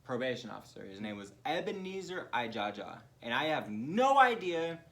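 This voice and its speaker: A man's voice: moderate pace, noisy background. A man, co-hosting a comedy podcast and telling profane, laughing childhood stories. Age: 20s. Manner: profane, laughing, drops into low flat voice to quote others. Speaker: podcast co-host. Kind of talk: casual comedic storytelling.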